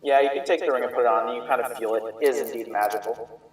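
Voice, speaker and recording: A man's voice: medium pitch, fairly even intonation, quick pace. Game master man, casual and roomy. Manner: casual narration with many fillers. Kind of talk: narrating a tabletop game. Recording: roomy sound, distant mic, faint music.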